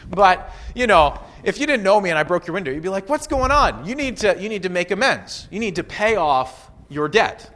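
Conversational preacher, man's voice, lively delivery. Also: high-pitched, fairly quick, few pauses. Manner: conversational, with asides and playful quoted voices. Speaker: pastor. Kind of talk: sermon.

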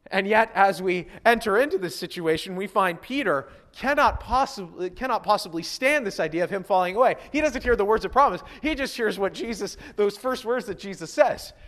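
A man preaching a sermon as a pastor, animated and acting out the voices of figures from the Bible. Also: sits high, fairly quick, few pauses.

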